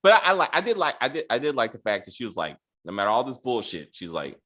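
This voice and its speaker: A man hosting a casual review chat, animated and acting out characters' lines as he talks. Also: mid-range voice, fast, hardly any pauses. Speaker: podcast host.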